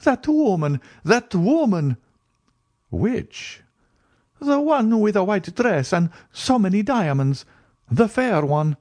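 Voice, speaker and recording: A man's voice: on the high side, big pitch swings, moderate pace, hardly any pauses, darkish tone, pitched above the performer's own voice. A man voicing an agitated male steward who speaks in an urgent, pressing way, in an audiobook reading. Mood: alarmed. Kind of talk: audiobook character voice.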